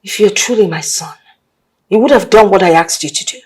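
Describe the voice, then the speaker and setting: A woman playing a domineering husky-voiced mother-in-law. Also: medium pitch, fairly quick, lightly acted. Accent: Nigerian English. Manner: imperious, commanding. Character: domineering older mother-in-law, hostile and proud.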